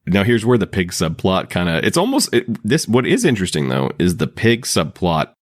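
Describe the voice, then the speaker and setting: A man's voice: sits low, big pitch swings, moderate pace, dry recording, clean studio sound. A man hosting a podcast in casual chat, talking loosely with frequent laughs and restarted sentences. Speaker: podcast host. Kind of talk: casual chat recapping a TV episode.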